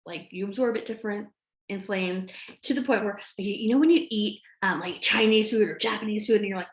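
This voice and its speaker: A woman coach chatting casually to camera at home, lively and acting out what she and others said. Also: medium pitch, moderate pace. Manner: animated, acts out her own quotes. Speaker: health coach. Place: home room with a board behind her. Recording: echoey room.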